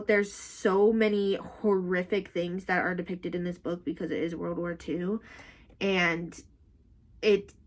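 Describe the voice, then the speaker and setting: A young woman chatting casually about books in a vlog, animated and full of "like". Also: medium pitch. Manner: chatty and animated, with frequent "like" and "y'all". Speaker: book vlogger. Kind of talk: casual book review chat.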